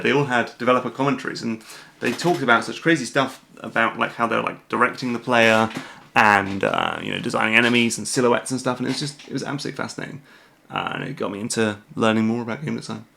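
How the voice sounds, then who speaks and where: A man's voice: medium pitch, fast, vocal fry, bright, forceful tone, a little hiss or hum. A British man hosting a casual livestream, rambling through viewer questions with lots of fillers, restarts and self-deprecating asides from a room at home at night. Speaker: host.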